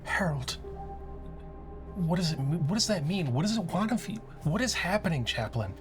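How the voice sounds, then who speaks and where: A man voicing a frightened, self-doubting young woman who speaks in halting, anxious phrases in a tabletop game. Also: fairly low pitch, steady tone, over music, natural voice. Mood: panicked.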